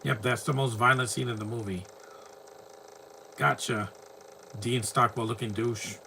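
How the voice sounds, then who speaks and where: A man talking over a film with a bright, forceful voice, rambling from one opinionated aside to the next. His casual commentary turns into rants, with a faint hiss underneath. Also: mid-range voice, steady tone, unhurried, vocal fry.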